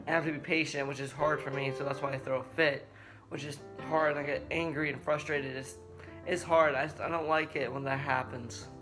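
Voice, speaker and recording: A young man talking earnestly to camera in a vlog, halting and restarting as he speaks. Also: a little high. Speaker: vlogger. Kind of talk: personal talk to camera.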